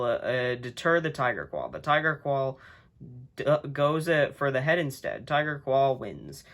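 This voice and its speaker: A man's voice: medium pitch, fairly bright tone. A man hosting a video, reading a children's book aloud in a casual way, often tripping over words and chuckling as he goes, recorded on a phone.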